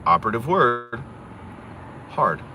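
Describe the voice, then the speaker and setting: A man from Pennsylvania talking fast and profanely on a casual livestream, swaggering and rambling, recorded on a phone outdoors. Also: medium pitch, sing-song, background noise.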